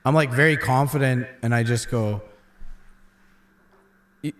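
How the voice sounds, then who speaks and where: A man's voice: medium pitch, fairly quick. A man co-hosting a casual late-night chat, rambling and self-deprecating, often trailing off mid-thought. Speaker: comedian co-host. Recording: echoey room.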